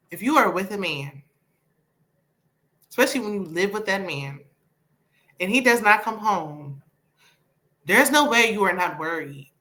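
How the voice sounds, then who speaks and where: A woman's voice: lowish voice, pushed and bright. A woman, giving sassy, opinionated casual commentary on a reality show and talking back at the screen.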